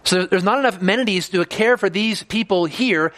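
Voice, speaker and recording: High-voiced man preaching a verse-by-verse sermon. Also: fairly quick, few pauses, fairly bright tone. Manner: earnest, explaining scripture verse by verse. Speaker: pastor.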